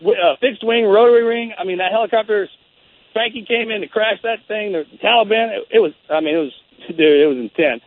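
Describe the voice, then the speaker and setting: A man's voice: sits high, a little fast. Casual man telling war stories over a tinny line. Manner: casual, rambling, says man and bro a lot. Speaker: guest. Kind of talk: interview storytelling.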